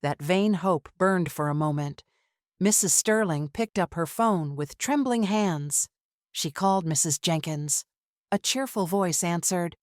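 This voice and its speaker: A woman narrating a dramatic family story in an even, measured reading style. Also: fairly low pitch, no room sound, clean studio sound. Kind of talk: scripted narration.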